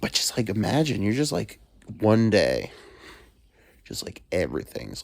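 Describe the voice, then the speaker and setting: A man's voice: fairly low pitch, huge pitch swings, unhurried, creaky, long pauses. A man hosting a solo podcast from home, rambling crudely with joking asides. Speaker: podcast host. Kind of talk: casual solo monologue. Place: alone at home.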